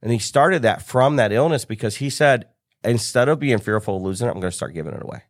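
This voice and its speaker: A man's voice: mid-range voice, quick pace, dry recording, clean studio sound. A middle-aged man, a business coach and podcast guest, telling a story in casual conversation and acting out the voices of the people in it. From United States. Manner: animated storyteller acting out quoted dialogue.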